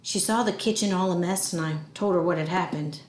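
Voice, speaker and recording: A woman reading a children's novel aloud with expressive storytelling. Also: lowish voice, fairly quick, reverberant. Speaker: audiobook reader.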